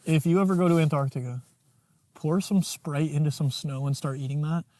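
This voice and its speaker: A man's voice: fairly high pitch, brisk, warm tone, no echo. A young man co-hosting a podcast, telling stories playfully and theatrically from inside a snow cave. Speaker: podcast co-host. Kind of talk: casual chat.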